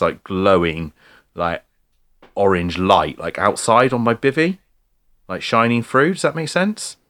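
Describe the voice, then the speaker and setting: A man telling a story in casual chat, rambling and filling every pause with "like" and "mate". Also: deep voice, fairly bright tone. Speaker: podcast co-host telling a story.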